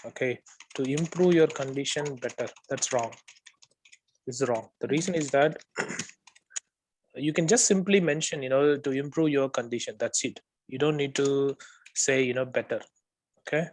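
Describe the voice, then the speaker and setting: A man's voice: medium pitch, unhurried, pauses often, a little hiss or hum. A man tutoring, giving spoken feedback on a student's role play. He corrects mistakes one by one, repeats the right phrase, and keeps checking in with "okay?". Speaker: OET tutor.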